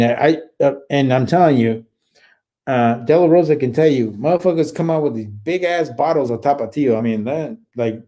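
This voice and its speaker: A man's voice: medium pitch, warm tone. A man in his forties, a veteran hosting a casual live chat, who swears freely and rambles with many fillers and restarts. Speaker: livestream host and Army veteran. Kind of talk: casual live chat, reading and answering viewer comments.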